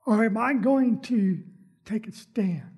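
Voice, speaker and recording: Woman preacher, slow deliberate sermon, a bit husky, repeats stuff for emphasis. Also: fairly high pitch, darkish tone.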